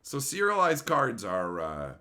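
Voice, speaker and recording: A man hosting a livestream, chatting casually with his viewers. His voice is bright and forceful and swings widely in pitch. He talks bluntly, swears freely and breaks into loud outbursts. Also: huge pitch swings, measured pace. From Canada. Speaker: streamer host.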